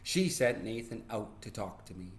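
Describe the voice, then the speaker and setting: A man reading a children's picture book aloud as a read-aloud host. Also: on the low side. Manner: slow and expressive. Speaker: storybook reader.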